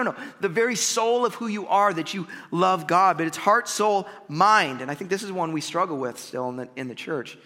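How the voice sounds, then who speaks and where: Bright-voiced man preaching in a big hall. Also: sits high. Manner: energetic, conversational preaching with asides to the audience. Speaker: pastor. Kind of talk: sermon.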